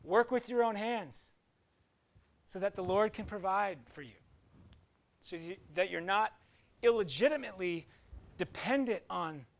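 A man's voice: sits high, animated, a little slow, vocal fry, pauses often. A man preaching a sermon, reading scripture and then talking conversationally with playful asides. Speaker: pastor.

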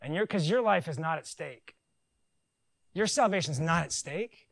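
A man preaching a conversational sermon, joking and animated, with silly voices in his asides. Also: fairly high pitch, moderate pace, gravelly, dry recording, poor audio. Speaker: pastor.

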